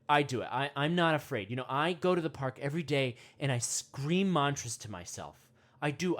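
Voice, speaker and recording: Woman doing a rambling macho self-help guru. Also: sits low. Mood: calmer, rambling. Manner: rambling, repeats words, trails off, grunts monkey noises. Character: excitable macho male self-help podcast host. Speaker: podcast host. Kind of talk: comedic parody meditation podcast.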